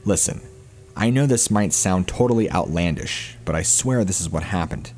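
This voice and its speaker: A man narrating a first-person horror encounter story in a steady, scripted storytelling delivery. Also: deep voice, normal speed, soft background music.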